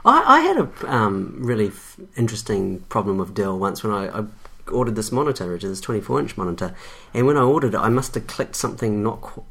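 A man with a husky voice co-hosts a casual tech podcast, and his pitch rises and falls a lot. He chats and teases, stumbling over his words and restarting his sentences. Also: sing-song, quick pace, fairly bright tone. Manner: chatty, stumbling restarts, teasing. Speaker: podcast co-host.

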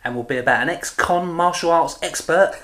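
A woman's voice: low voice, brisk, fairly bright tone. A woman co-hosting a podcast, chatting casually with laughs and swearing. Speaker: podcast co-host. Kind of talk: casual chat.

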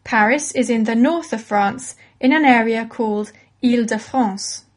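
A woman giving a clear, patient, scripted lesson for children. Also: on the high side, normal speed. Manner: clear, patient and encouraging, like a teacher. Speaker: presenter of a children's educational podcast. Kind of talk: scripted educational narration for children.

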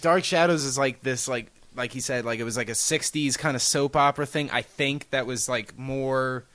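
A man's voice: medium pitch, moderate pace, a bit bright, no echo. A young adult man co-hosting a podcast, chatting casually with crude jokes and lots of filler words. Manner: crude joking, frequent "like" fillers. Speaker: podcast co-host. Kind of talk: casual banter.

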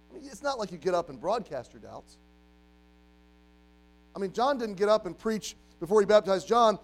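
A man in his forties preaching a sermon as a youth pastor, animated, acting out the voices of doubters and the devil. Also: sits high, fairly quick, faint music behind, low-quality recording.

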